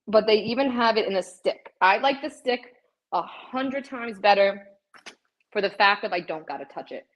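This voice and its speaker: A woman's voice: mid-range voice, lively intonation, moderate pace, fairly bright tone, low-quality recording. A woman hosting a live shopping stream from her home gym, chatting straight to her viewers and out of breath from a cardio workout. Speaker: livestream host showing fitness products.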